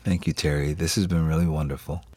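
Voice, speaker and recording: A very deep, husky male voice, recorded close and dry on a studio mic. He tells stories in a radio interview with lively energy and acts out the people he quotes. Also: fast talker, no room sound. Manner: animated storyteller acting out quoted voices. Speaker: actor guest.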